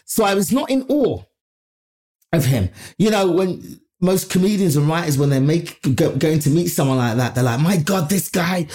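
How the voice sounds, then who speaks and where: A woman from Nigeria, a comedian, telling an anecdote in an interview with animated, profane delivery. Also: low-pitched, normal speed. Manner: animated, profane, acts out other people's voices. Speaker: comedian guest.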